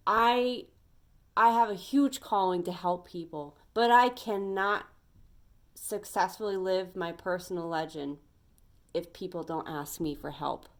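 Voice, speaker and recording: Youngish woman doing a pep talk, kinda low voice, earnest and rambly. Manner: earnest, emphatic, rambling with restarts. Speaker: tarot reader.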